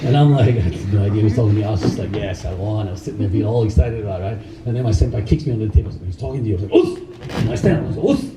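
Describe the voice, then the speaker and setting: A middle-aged man who is a karate instructor, telling animated stories to a live audience, laughing often and acting out the people he quotes. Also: lowish voice, racing, few pauses, over a noisy crowd. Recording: echoey room, voice far from mic.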